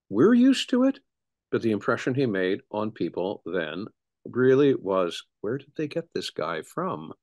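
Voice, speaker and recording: A middle-aged man, a historian, speaking as an interview guest in an animated storytelling way with frequent restarts. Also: mid-range voice. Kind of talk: conversational interview.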